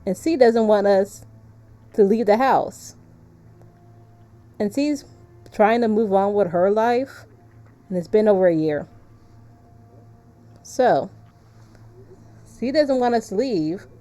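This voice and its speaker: Woman game streamer, unhurried and mellow, chatty and easy to laugh. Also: mid-range voice. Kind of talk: casual gameplay commentary.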